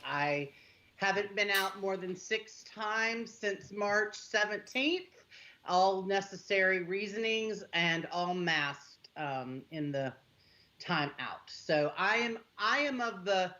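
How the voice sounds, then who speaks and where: A woman's voice: mid-range voice, sharp tone. A woman joining a livestream as a guest, who explains things in a chatty, rambling way. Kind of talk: livestream chat.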